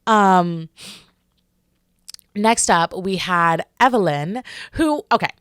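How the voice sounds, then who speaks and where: A young woman hosting a solo podcast, talking in a chatty, animated way with lots of fillers. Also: on the low side, slow pace, clean tone, no echo, studio quality. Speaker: podcast host. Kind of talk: casual solo podcast chat.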